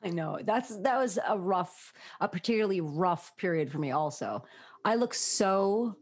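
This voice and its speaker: Woman podcast co-host, casual and teasing, laughing constantly, animated voice on a remote call. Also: lowish voice, moderate pace. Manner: laughs often, loud and teasing. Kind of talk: casual chat.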